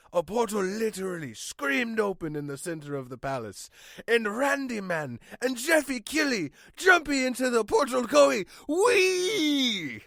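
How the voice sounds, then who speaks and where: A man telling an absurd comic story in a deadpan, mock-dramatic way. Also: very high voice, creaky, no echo, studio quality. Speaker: channel host and storyteller.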